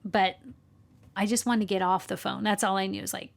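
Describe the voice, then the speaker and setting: A woman's voice: mid-range voice, moderate pace, gravelly, a bit bright. A middle-aged woman, a podcast guest, telling a personal story with earnest emotion and small laughs.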